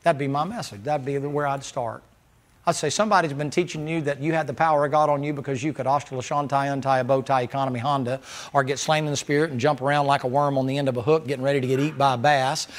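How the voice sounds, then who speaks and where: A man preaching in a folksy, down-home way. His voice sits in a middle pitch, and he swings from loud emphasis to hushed, close moments. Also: fairly even intonation, fast. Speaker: pastor. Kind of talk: sermon.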